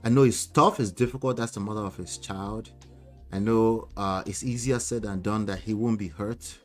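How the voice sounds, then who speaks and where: A man hosting a commentary show, reacting to celebrity clips with animated, incredulous questions and reading comments from the chat. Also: lowish voice, normal speed, soft background music.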